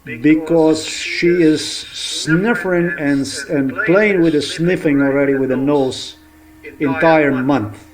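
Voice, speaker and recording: Man, aggrieved, a bit high, crowd noise in the clip. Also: takes it slowly, low-quality recording.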